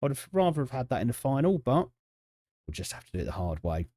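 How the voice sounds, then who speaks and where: Chatty man streaming, lively. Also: medium pitch, quick pace, dry recording. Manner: chatty, jokey, reacts to chat and the match. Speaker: streamer playing a football management game. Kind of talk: casual live-stream commentary.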